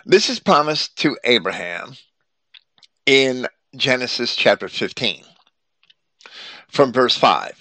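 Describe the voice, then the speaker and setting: A man delivers a scripted Bible commentary, reading at a steady, explanatory pace. His voice is bright and forceful, and it sits close and dry with no room sound around it. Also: mid-range voice, slow pace, long pauses, no echo.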